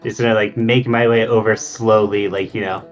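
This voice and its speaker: A man's voice: on the low side, level tone, normal speed, highs cut off, soft background music. A man playing a tabletop game, talking casually and mumbly with lots of fillers. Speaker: player. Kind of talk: casual play chat.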